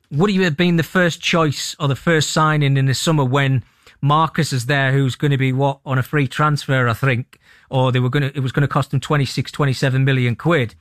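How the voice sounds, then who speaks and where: A man's voice: mid-range voice, a bit bright, no echo, studio quality. Thoughtful football pundit, man. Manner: thoughtful, many restarts and ums. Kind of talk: sports radio discussion.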